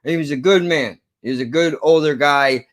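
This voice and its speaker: Brief: thirties male vlogger, slightly higher voice, swears freely, heated rant. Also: fairly quick. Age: 30s. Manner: profane, heated, animated. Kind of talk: ranting storytelling.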